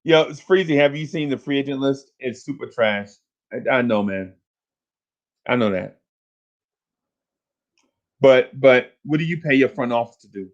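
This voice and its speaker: A man hosting a sports talk livestream, ranting in exasperation, repeating himself and climbing into shouts. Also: mid-range voice, measured pace, long pauses. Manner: exasperated, repetitive, rising to shouts. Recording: lo-fi stream audio.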